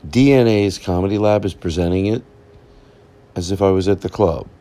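A man's voice: low-pitched, moderate pace, warm tone. A man hosting a comedy podcast, rambling and playful, repeating himself and laughing at his own lines. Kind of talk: rambling casual monologue.

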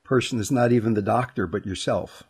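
A middle-aged man hosting a reflective conversation, speaking in a thoughtful, unhurried way and sharing personal stories. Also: on the low side, darkish tone, husky.

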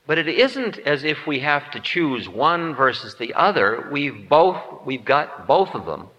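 A man's voice: on the high side, big pitch swings, measured pace, pushed and bright. A man giving a humorous spiritual lecture in a musing, wry, self-mocking way. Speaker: spiritual teacher. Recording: dull lo-fi tape in reverberant hall.

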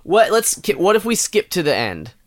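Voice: medium pitch, huge pitch swings, a little fast, no room sound, clean studio sound. A podcast co-host chatting casually and throwing in wry, teasing remarks. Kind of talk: casual chat.

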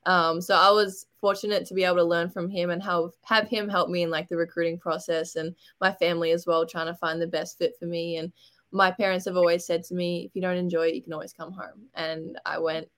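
A young adult woman with an Australian accent, answering interview questions in a relaxed, open way. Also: on the low side, fairly quick. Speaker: guest basketball player.

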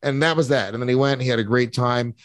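A man's voice: mid-range voice, fast talker, fairly bright tone, no room sound. Rambling, profane male podcast host. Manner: rambling, profane, stammering restarts. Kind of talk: casual podcast chat.

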